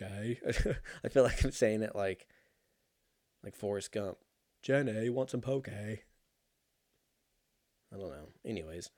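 Young man, casual rambling monologue, cursing, animated storyteller, dry close sound. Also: lowish voice, gravelly, dry recording. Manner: profane, animated storytelling, laughs at himself.

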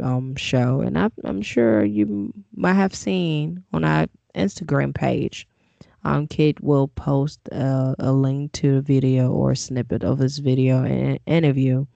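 A man co-hosting a casual podcast, talking in an animated way and joking about his own slips. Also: mid-range voice, gravelly, no room sound, muffled recording. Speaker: co-host.

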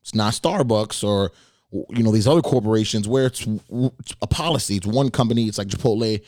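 A man's voice: lowish voice, brisk, a little mellow, no echo, studio quality. A man hosting a podcast, telling a story in a laid-back, wry way and swearing casually. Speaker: podcast host.

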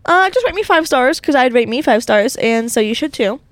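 Casting: young woman, solo podcast host, chatty and giggly, bright high voice, dry close mic. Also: expressive, a little fast, dry recording. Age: young adult. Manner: rambling, giggly, filler-heavy. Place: college dorm room.

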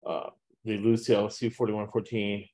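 A man hosting a sports betting podcast, talking casually and loosely, with lots of "uh" fillers and quick laughs. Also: on the low side, level tone, darkish tone. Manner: rambling, frequent "uh" fillers, laughs at own jokes. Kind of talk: casual chat with picks.

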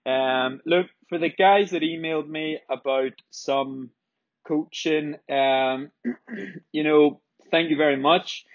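A man's voice: a little high, slow pace, dry recording, muffled recording. A man talking candidly and reflectively about his running training in a casual spoken monologue, swearing freely. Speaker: runner sharing his training.

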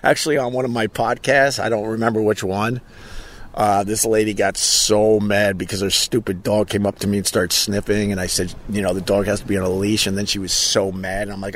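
A man's voice: lowish voice, steady tone, normal speed, gravelly, fairly bright tone, a little hiss or hum. A man hosting a casual outdoor live stream, rambling and joking while reading out viewer comments. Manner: rambling, jokey, reads viewer comments aloud. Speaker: podcast host.

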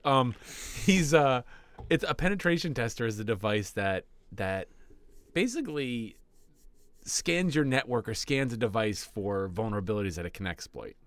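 Speaking at a normal speed in a mid-range, expressive voice, this podcast co-host, who also teaches, spins casual stories with lots of energy. He acts out the quotes and laughs a lot, and there is no room sound.

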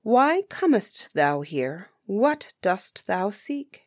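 A woman voicing a grave, ancient male winter spirit in a storybook, slow and solemn. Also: medium pitch, sing-song, no echo, clean studio sound, full character voice.

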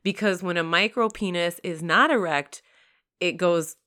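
A young adult woman co-hosting a podcast, chatting crudely and laughing loudly. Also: on the low side, a little slow. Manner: loud laughing, crude, animated. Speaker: podcast co-host. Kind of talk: casual chat.

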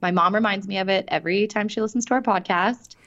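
A young woman co-hosting a podcast, talking fast and animated in casual chat. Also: mid-range voice, highs cut off. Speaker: podcast co-host.

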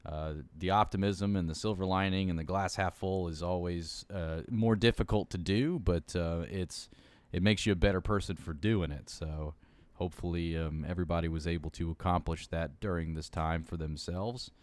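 A man's voice: low voice, steady tone, normal speed, few pauses, no echo. A man co-hosting a podcast in easygoing casual chat, often searching for words with fillers. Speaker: podcast co-host.

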